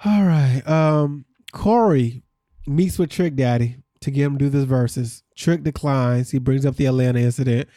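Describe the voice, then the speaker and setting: A man's voice: medium pitch, moderate pace, warm tone, no room sound, studio quality. A man co-hosting a podcast, casually recapping episode events in a storytelling way and laughing often. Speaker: podcast co-host.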